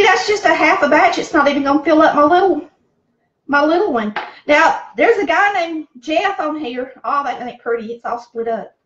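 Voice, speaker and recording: A middle-aged woman with a Southern American accent chats folksily while cooking in her home kitchen, calling her viewers "y'all" like a cooking show host. Her voice sits high with a fairly bright tone. The audio sounds dull.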